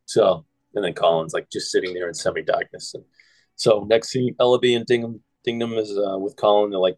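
A podcast host walks through a film scene by scene in casual chat. His fairly low voice sounds dry and close to the mic. He quotes lines and swears freely as he goes. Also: fairly even intonation, brisk, a little mellow, no room sound, low-quality recording.

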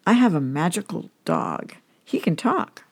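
A woman's voice: on the low side, wildly swooping pitch, unhurried, darkish tone, breathy edge, full character voice. A woman doing a pushy, pleading bar patron. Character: pushy broke man with a dog at a bar.

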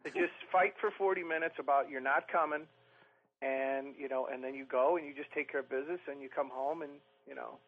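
A man telling long, profane comic stories in a rambling, animated way, often mimicking other people. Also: mid-range voice, fairly quick, narrow, tinny audio. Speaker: storytelling podcast guest.

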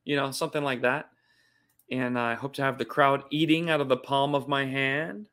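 A man's voice: medium pitch, fairly even intonation, normal speed, fairly bright tone. Jokey male comedy show host. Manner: jokey, self-mocking, punchline-driven. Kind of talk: casual comedic livestream monologue. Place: hotel room.

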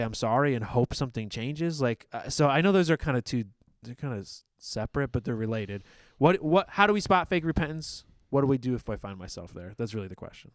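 A man's voice: medium pitch, dry recording. A man in a casual church discussion, thinking aloud and restarting his sentences as he asks the pastors his questions. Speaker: church small-group member asking questions.

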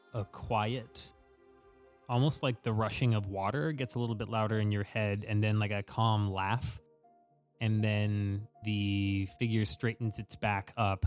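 A man's voice: lowish voice, darkish tone. A man narrating as game master of a tabletop game, describing scenes casually with frequent restarts.

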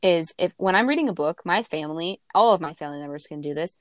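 A young woman co-hosting a casual podcast, talking fast and warmly about plans, restarting her sentences often. Her voice sits a little low. The sound is dry and close. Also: animated, no echo. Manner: chatty, laughs often, many restarts. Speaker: podcast co-host. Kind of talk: casual chat.

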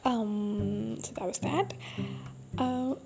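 A woman hosts a podcast, telling a personal story in a candid, self-deprecating, rambling way. Her voice is on the high side, with drawn-out words and vocal fry, and the dull lo-fi audio has music playing behind her.

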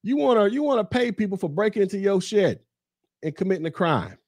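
A man's voice: high voice, sing-song, fairly quick, darkish tone, dry recording. A man from the United States hosting a podcast, ranting angrily about politics, heated and profane, mocking his listeners and repeating phrases for emphasis. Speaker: podcast host. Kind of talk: angry political rant.

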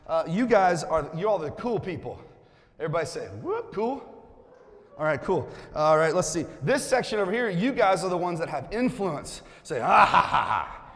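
A pastor whose voice sits high and sounds animated preaches at normal speed, his words echoing with long hall reverb through the sanctuary. His sermon invites audience participation, moving from playful coaxing of the crowd to quiet earnestness.

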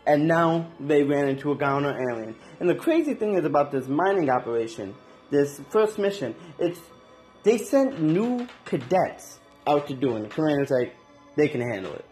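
Animated slangy man recapping an anime. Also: on the high side, moderate pace, soft background music. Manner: loose slangy talk, frequent restarts, animated. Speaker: anime reviewer. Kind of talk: casual spoken review.

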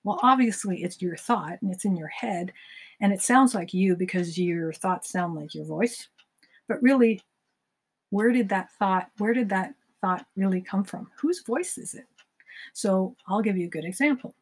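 A woman's voice: medium pitch, normal speed, slightly rough. A woman hosting a self-help podcast, giving a motivational talk and acting out imagined conversations. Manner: acts out imagined dialogues in lively voices.

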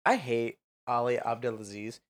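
An animated man in casual podcast chat who rambles along and keeps quoting other people. His voice is at an ordinary pitch, and the recording is dry with no room sound around it. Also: moderate pace, dry recording. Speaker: podcast co-host.

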